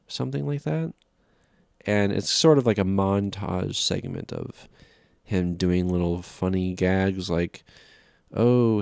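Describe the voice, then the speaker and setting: Slow, gravelly man rambling about a film. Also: lowish voice, darkish tone, no room sound, clean studio sound. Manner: exasperated, profane, many restarts. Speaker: film reviewer. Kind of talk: casual rambling film review.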